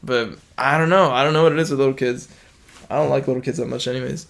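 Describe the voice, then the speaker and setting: A man's voice: mid-range voice, fairly even intonation, fast, creaky, a bit bright. A young man hosting a podcast, telling stories in casual, profane chat and acting out the people he quotes. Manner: profane storyteller, acts out quotes. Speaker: podcast host.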